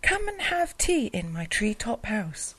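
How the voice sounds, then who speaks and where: A woman voicing a sly, hungry male owl in a storybook reading, smooth and coaxing. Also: mid-range voice, big pitch swings, a little slow, a bit bright, dry recording, heavily acted.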